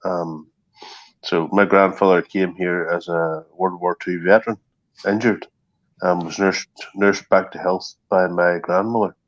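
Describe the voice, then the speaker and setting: A man's voice: deep voice, steady tone, unhurried. A middle-aged man, chatting casually and profanely on an online call, full of ums and restarts. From Northern Ireland. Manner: rambling, profane, many ums. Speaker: stream co-host. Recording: dull lo-fi call audio.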